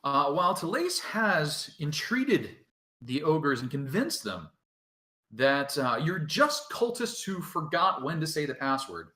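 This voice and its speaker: Lively, bright-voiced man as dungeon master. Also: fairly high pitch, slow pace, reverberant. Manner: relaxed, laughs often. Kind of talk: narrating a tabletop game.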